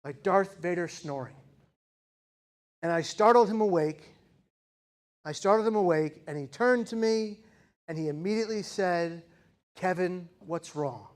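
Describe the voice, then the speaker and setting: Man in his forties, high voice, keynote speaker, dramatic storytelling, loud then hushed. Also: normal speed, pauses often. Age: 40s. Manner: dramatic, swings between loud intensity and hushed quiet. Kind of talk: personal storytelling speech.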